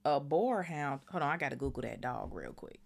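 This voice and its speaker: Lady host reading a novel out loud, chatty excitable asides, deep for a woman. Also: brisk, gravelly, husky. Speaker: podcast host reading aloud. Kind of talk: reading aloud with reactive commentary.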